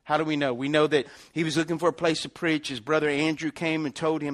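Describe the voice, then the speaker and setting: A man's voice: on the high side, level tone, quick pace, hardly any pauses. A man preaching a sermon conversationally, acting out the people in his story. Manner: conversational preaching, acts out quotes, many restarts. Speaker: pastor.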